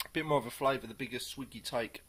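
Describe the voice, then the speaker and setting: Man, casual beer reviewer, rambling and unhurried, mid-range voice. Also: mid-range voice, a bit bright, husky. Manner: rambling, hesitant, many pauses.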